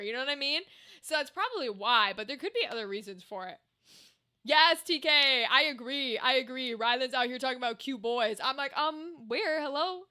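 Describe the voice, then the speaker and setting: Chatty high-pitched woman streamer. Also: pushed and bright. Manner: rambling, chatty, reads chat aloud, swears casually. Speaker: livestreamer. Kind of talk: casual chat with chat.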